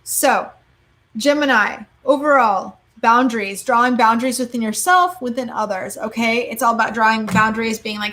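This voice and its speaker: A young woman reading tarot cards in a casual live-stream chat, quick and chatty, saying "like" and "okay?" a lot. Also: fairly high pitch, bright, forceful tone, slight background noise. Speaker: tarot card reader.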